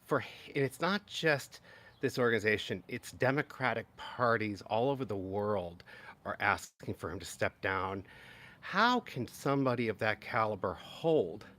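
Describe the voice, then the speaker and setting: A man hosting a live political commentary stream, his voice jumping up and down with lots of exclaiming. He sometimes slips into mocking, high-pitched impressions of other people. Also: lively intonation, moderate pace, bright, forceful tone. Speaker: political commentary channel host.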